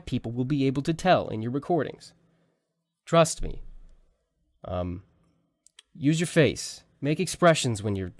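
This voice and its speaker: Young male tutor, mid-pitched, loose and chatty, dry close-mic sound. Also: no room sound. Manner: relaxed, rambling, many fillers and restarts. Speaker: voice acting teacher. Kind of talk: casual tutorial talk. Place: small home room.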